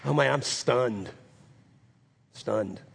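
A man with a New Orleans accent preaching a sermon, telling a story with lively quoted voices. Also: medium pitch, extremely slow, creaky, a little hiss or hum.

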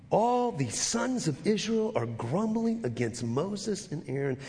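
A man preaching a sermon as pastor, emphatic and swinging from quiet to loud, often repeating words as he goes. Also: high voice, sing-song, a little slow, few pauses. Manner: repeats words and restarts phrases. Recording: long hall reverb.

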